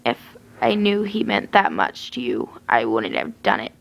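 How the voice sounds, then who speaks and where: Woman reader doing a deep, gravelly young male killer, quiet and threatening. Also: sing-song, measured pace, heavily acted. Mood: menacing. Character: menacing young male killer, smirking and possessive.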